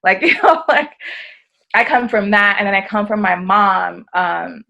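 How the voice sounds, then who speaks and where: With a creaky, mid-range voice and a slightly slow pace, an American woman is heard on dull-sounding audio. She's chatting as a podcast guest, animated in her storytelling and acting out quoted lines.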